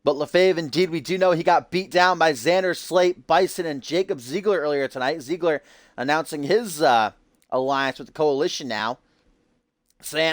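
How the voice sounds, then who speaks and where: A man's voice: a little high, normal speed, no room sound. A man streaming a game, giving hyped-up, loose wrestling-show commentary full of casual asides. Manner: upbeat hype, loose and casual with frequent "uh".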